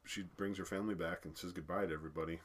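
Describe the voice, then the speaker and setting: Deep-voiced male podcast host, animated, casual, acts out quotes. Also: very fast. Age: adult parent. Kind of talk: casual discussion of a TV series.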